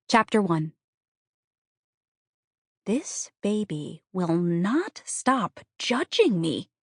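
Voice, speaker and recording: A woman reads a first-person novel in a wry, conversational way, tossing off self-deprecating asides. Her voice sits at an ordinary mid pitch, and the studio recording is dry and close. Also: no echo. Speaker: audiobook narrator.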